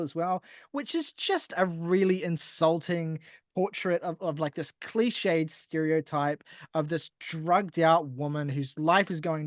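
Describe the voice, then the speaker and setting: A man's voice: a little high, dry recording. Sweary ranting man, dull dry mic. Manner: exasperated, sweary, laughs often, mocking quotes in a silly voice. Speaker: podcast co-host. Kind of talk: casual ranting album review.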